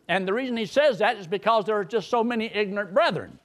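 A man's voice: high voice, expressive, brisk, hardly any pauses, a bit bright. A male pastor, preaching a sermon in a folksy, joking storyteller's way.

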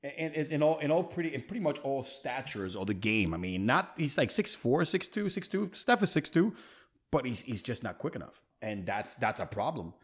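Animated man hosting a sports talk show. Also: mid-range voice, moderate pace, breathy edge. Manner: animated, emphatic, street slang. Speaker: podcast host.

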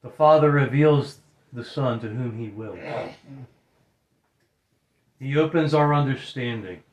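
Earnest preacher, roomy echo. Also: male voice, medium pitch, a little slow. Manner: earnest, repeats phrases for emphasis. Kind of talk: sermon.

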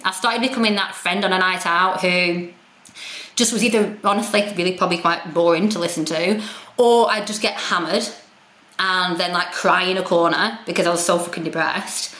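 A woman's voice: fairly low pitch, fairly bright tone. A woman, a podcast guest, telling her story candidly, frank and self-deprecating with plenty of swearing. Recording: roomy echo.

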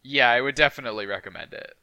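A man's voice: medium pitch, quick pace, bright, forceful tone, clear, resonant tone, no echo. A young man co-hosting a casual movie podcast, joking and laughing often. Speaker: podcast co-host. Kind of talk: casual chat.

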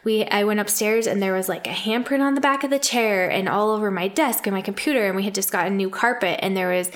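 A woman in her thirties shares home stories on a podcast in a loose, conversational way. She fills her sentences with "like" and "you know" and laughs often. Her voice sits at an ordinary pitch for a woman. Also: fast. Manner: chatty, many "like" fillers, laughs often. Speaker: podcast co-host, adoptive mother. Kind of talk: casual storytelling.

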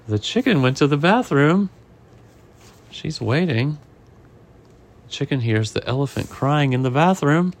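A man reading a picture book aloud in an animated way, stopping to ask the listener questions. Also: on the high side, a little slow, long pauses. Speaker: reader.

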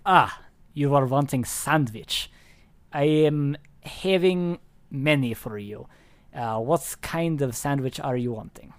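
A man's voice: medium pitch, takes it slowly. A man voicing a gloomy deli owner with a put-on Russian accent and broken English. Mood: welcoming. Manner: broken English, mournful and theatrical.

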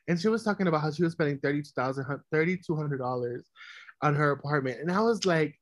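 A woman's voice: low-pitched, fairly quick, dry recording. A woman from New York, a podcast co-host, ranting emphatically and with heavy swearing in casual chat.

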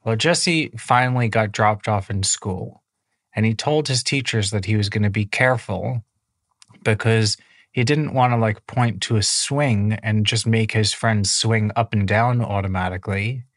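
Male storyteller, low voice, loose improvised kids' tale, dry sound. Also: a little slow, fairly bright tone, dry recording. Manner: casual, many fillers, rambling. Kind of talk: improvised children's bedtime story.

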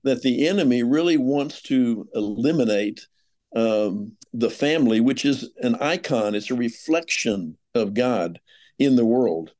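An older man speaks as a podcast guest over a remote call. His voice is mellow and dark. He talks earnestly and in an exhorting way, at a middle pitch. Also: unhurried. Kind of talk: earnest ministry talk.

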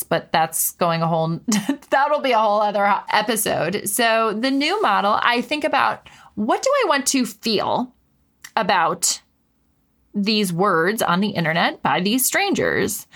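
A woman in her thirties talks alone into the mic for her podcast. She is earnest and impassioned, and she leans on repeated phrases to drive her points home. Her pitch sits in an ordinary middle range. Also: a bit bright. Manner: earnest, impassioned, emphatic repetition. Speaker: podcast host and life coach. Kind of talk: solo podcast monologue.

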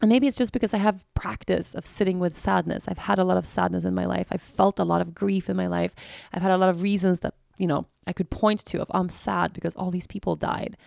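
Woman, podcast host, candid reflective monologue, heavy vocal fry, lowish voice, dry close sound. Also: steady tone, fairly quick, darkish tone, no echo. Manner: candid, searching, many restarts and "you know".

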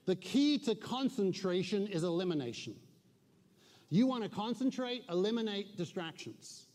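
A pastor preaching to a congregation, a man with a slightly higher voice. He tells stories and sinks to a hush at tense moments. The sound rings with a long reverb from the church hall. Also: expressive, normal speed. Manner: storytelling, dropping to a hushed voice in tense moments. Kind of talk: sermon.

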